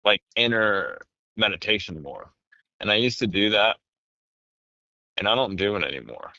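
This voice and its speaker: Low-voiced guy rambling on a podcast, swears a lot, voice jumps all over, dull dry lo-fi sound. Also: normal speed, no room sound. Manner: rambling animated storytelling, swears often. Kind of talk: casual chat.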